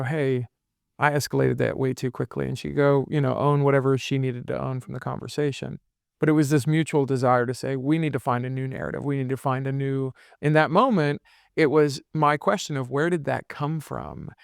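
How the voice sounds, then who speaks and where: Gravelly-voiced man telling stories. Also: medium pitch, dry recording, studio quality. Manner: earnest storytelling, acts out quoted voices. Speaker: podcast host and business consultant. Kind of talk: reflective podcast conversation. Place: his home.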